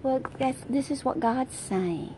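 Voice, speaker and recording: A woman's voice: high voice, unhurried, mellow, slight background noise. A middle-aged woman teaching an informal Bible study, talking conversationally, searching aloud for verses and reading scripture aloud.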